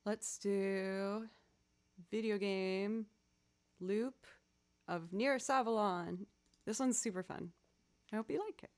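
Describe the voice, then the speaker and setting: A woman's voice: mid-range voice, slow, pauses often. A woman chatting casually with viewers on a live stream, playful and goofy. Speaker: streamer and violinist.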